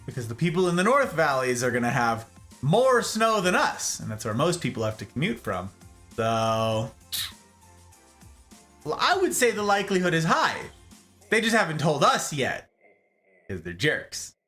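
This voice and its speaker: Animated man hosting a livestream chat. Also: on the high side, normal speed, pauses often, soft background music. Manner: animated, jokey, exclaims and laughs often. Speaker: livestream host. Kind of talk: casual chat with live viewers.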